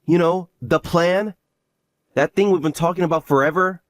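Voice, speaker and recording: Man voicing an angry scheming brother, high voice, big pitch swings, dry close mic. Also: normal speed, no room sound, natural voice. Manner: exasperated, scolding. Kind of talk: voiced story drama.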